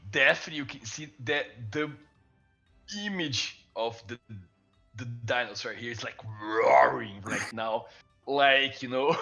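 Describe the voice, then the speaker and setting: A man's voice: medium pitch, pushed and bright, lo-fi sound. A man narrating as dungeon master in a casual tabletop game, laughing often and stumbling over his words. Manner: laughs often, fillers and restarts.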